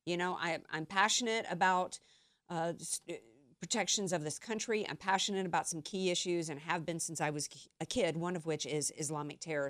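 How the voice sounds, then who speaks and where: A woman's voice: deep voice, fairly quick, a bit bright, dry recording. A woman hosting a political talk radio show in a studio, talking in a rambling, chatty way with frequent restarts. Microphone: studio microphone.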